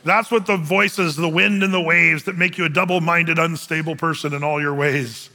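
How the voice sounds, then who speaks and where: A man preaching to his congregation in a chatty, unpolished way that doubles back on itself and repeats words as he goes. His voice sits high and sounds bright and forceful. A long reverb trails after it through the hall. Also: fairly even intonation, normal speed. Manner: conversational, restarts and repeats words. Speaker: pastor. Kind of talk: sermon.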